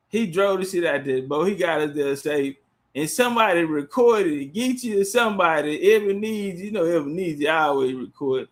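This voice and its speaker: A man telling a story in a casual, animated, profane way, laughing often as he goes. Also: high voice.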